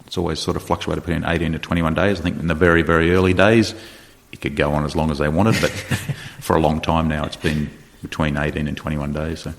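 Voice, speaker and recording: A middle-aged man, a retired soldier, telling stories in a relaxed, conversational way as a podcast guest. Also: rumbling low, a little fast, creaky, hardly any pauses, slight background noise. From Australia. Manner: relaxed storyteller, retells dialogue, light laughs. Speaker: guest, retired special forces sergeant major. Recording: reverberant room.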